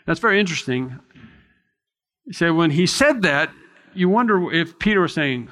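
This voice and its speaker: A man's voice: fairly high pitch, lively intonation, normal speed, long pauses, fairly bright tone, in a large hall. A man preaching an expository sermon in a conversational, reflective way, often restarting and adding asides.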